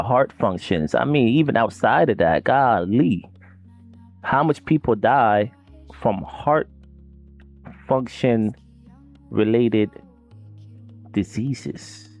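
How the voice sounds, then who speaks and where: Dude with rambling slangy to listeners, mid pitch, lil music underneath. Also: male voice, a little mellow. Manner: slangy, loose and rambling, addresses listeners directly. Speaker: podcast host. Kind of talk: casual herbal talk.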